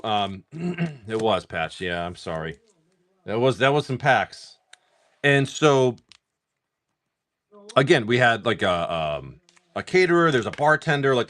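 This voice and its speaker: Lively, rambling man in his forties. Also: medium pitch. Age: 40s. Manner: rambling, profane storyteller; frequent throat clearing and filler words. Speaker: live-stream card seller. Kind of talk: casual live-stream chat while opening card packs.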